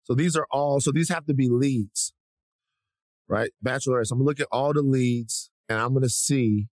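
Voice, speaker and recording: A man's voice: medium pitch, normal speed, no echo. A male podcast co-host telling a story with energy and profanity, acting out the people in it. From Africa. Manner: lively, profane, mimics people in his stories. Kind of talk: animated storytelling chat.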